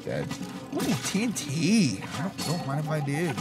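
Excitable young man commenting on gameplay. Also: a little high, moderate pace. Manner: excitable and profane, laughs and exclaims often. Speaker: gaming channel host. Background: game music.

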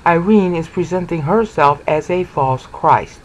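A man teaching a lecture on scripture, animated, often repeating words and checking in with rhetorical questions. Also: a little high, measured pace, slight background noise, poor audio. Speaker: Bible teacher.

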